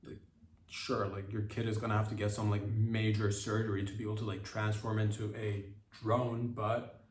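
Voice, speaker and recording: A man's voice: fairly low pitch, normal speed, a little hiss or hum. Guy doing a rambly comedy podcast bit, kinda far from the mic in an echoey room. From Canada. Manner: rambling, animated, jumps into excited voices. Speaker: podcast host. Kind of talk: comedic monologue. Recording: roomy echo, off-mic.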